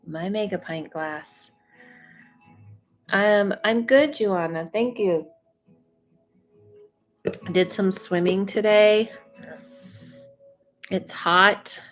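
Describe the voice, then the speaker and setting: A woman hosting a casual livestream as a psychic medium, chatting and reading viewer comments with lots of fillers and laughs, a little stuffy from allergies. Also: on the low side. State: slightly congested from allergies. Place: home, Los Angeles. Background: faint music.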